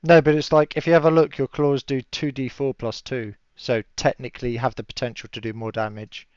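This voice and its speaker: A man running a tabletop game as game master, relaxed and chatty, laughing often and yelling enemies' cries in high voices. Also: brisk, no room sound. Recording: dull lo-fi stream audio, dry.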